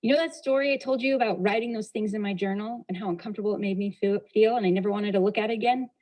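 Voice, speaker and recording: A woman giving a motivational talk, telling a personal story with a lively, expressive delivery. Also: medium pitch, racing, poor audio. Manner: expressive storyteller, shifting pace and loudness, laughing at herself. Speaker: motivational speaker.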